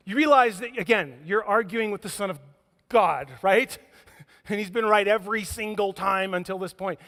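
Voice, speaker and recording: A man's voice: sits high, measured pace, pauses often, bright, forceful tone. A man preaching a sermon as pastor, telling stories with humor and acting out the scenes. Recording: echoey church hall.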